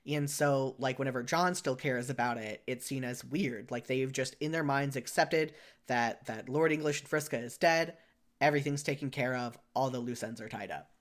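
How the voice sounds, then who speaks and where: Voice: mid-range voice, normal speed. A podcast co-host in casual chat, rambling with lots of "like" and frequent self-corrections.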